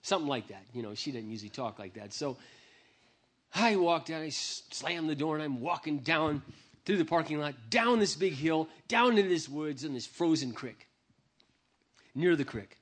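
A man's voice: on the high side, animated, moderate pace. A man giving a humorous, self-deprecating personal testimony to an audience, speaking into a microphone. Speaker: Christian speaker.

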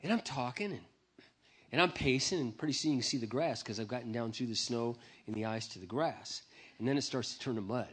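A man's voice: medium pitch, a little fast, husky. A man giving a humorous, self-deprecating personal testimony to an audience, speaking into a microphone. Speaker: Christian speaker.

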